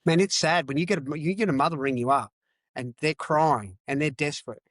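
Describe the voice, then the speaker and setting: A man's voice: on the high side, brisk, a bit bright, no echo. A middle-aged man from Australia, a podcast guest, talking candidly and emphatically, repeating phrases and swearing. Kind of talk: candid interview talk.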